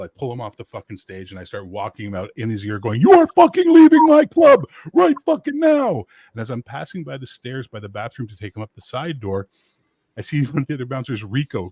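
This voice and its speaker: A man, a former bouncer, telling profane stories in casual chat and loudly acting out what people said. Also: on the low side, dry recording. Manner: profane, animated, loud when acting out quotes. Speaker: podcast host and former bouncer.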